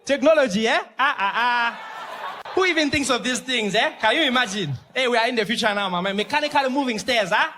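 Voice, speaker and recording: An older man full of wide-eyed wonder, exclaiming over moving stairs as if they were the future, as a man puts him on. His voice rides high with delight. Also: lively intonation, a little fast, sharp tone, a little hiss or hum, full character voice. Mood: awestruck. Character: older man marveling at escalators as new technology.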